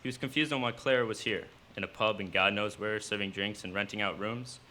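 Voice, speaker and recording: A man reading his own fiction aloud at a live cafe event, in steady storytelling narration. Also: on the low side, brisk, a little hiss or hum.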